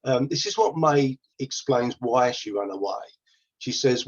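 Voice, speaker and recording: A man's voice: medium pitch, animated, unhurried. A man giving a casual, hesitant talk about old plays, full of ums and restarts, as presenter for a theatre company. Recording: dull lo-fi recording.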